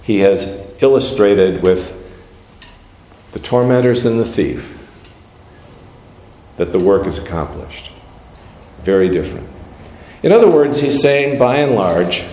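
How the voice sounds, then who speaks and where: A man's voice: on the low side, expressive, measured pace, pauses often, mellow, a little hiss or hum. A man preaching a sermon, reading scripture aloud and giving the verses changing emphasis. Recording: roomy hall with long reverb.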